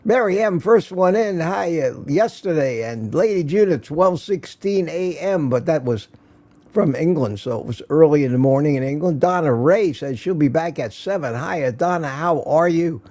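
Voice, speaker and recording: A man's voice: on the high side, animated, moderate pace, dark tone. A man hosting a casual morning livestream from his home studio, greeting viewers by name and reading out their comments with jokes. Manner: chatty, jokey, reads out viewer comments.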